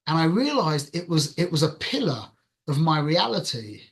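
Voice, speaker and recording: A man with a London accent giving a religious talk, telling a story to his audience in an animated, conversational way that swings between loud and hushed. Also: a little high, normal speed. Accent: London English. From London, England. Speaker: religious teacher.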